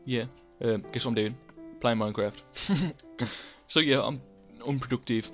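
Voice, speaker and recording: Man, casual gameplay chatter, self-mocking, rambling, mid-pitched voice. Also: moderate pace, soft background music. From England. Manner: rambling, self-mocking, talks to himself in third person. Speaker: gaming channel host.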